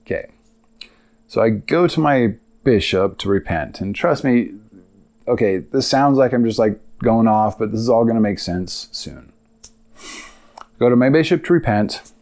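A man's voice: medium pitch, lively intonation, measured pace, long pauses, darkish tone. A man hosting a podcast, telling a long personal story in a rambling, confessional way with many fillers. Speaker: podcast host. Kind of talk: casual storytelling monologue.

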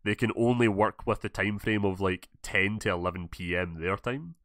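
A man's voice: on the low side, normal speed, fairly bright tone, no room sound, clean studio sound. A young Scottish man hosting a casual podcast, rambling, swearing and correcting himself as he goes. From Scotland. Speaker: podcast host. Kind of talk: casual chat.

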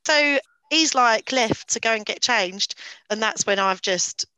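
A woman's voice: a little high, animated, unhurried, bright, forceful tone, clean tone, dry recording, low-quality recording. A woman telling a dating story in casual podcast chat, chatty with lots of fillers and bursts of laughter.

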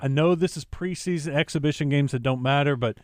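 Animated male co-host telling a story. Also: a little high, fairly quick, dry recording, studio quality. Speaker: sports radio co-host. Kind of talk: casual sports radio chat.

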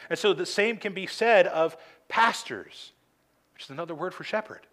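A man preaching a sermon from a church pulpit, earnest, slowing down for emphasis and adding dry humor. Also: sits high, a bit bright. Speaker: pastor.

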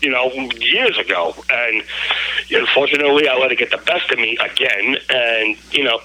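A man's voice: mid-range voice, moderate pace, pushed and bright, poor audio. A man, a graffiti-writer guest talking in a profane, rambling way and saying "you know" constantly. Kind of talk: casual chat.

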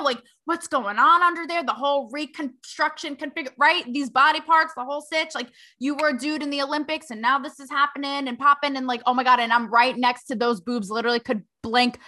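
A young adult woman hosting a podcast, telling a story in a sassy, slangy, animated way. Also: high voice. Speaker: podcast host. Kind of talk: casual storytelling commentary.

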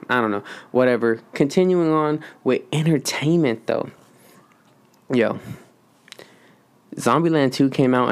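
A man's voice: mid-range voice, clear, resonant tone. Man chatting loosely about movies, profane. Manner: slangy, profane, rambling. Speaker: solo vlogger. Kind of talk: casual movie chat.

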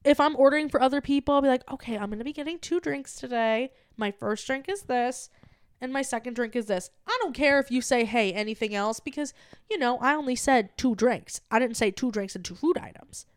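High-voiced woman telling an animated story. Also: a little fast, smooth, no room sound. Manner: animated, acts out quoted dialogue, swears casually. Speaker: podcast co-host. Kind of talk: casual storytelling chat.

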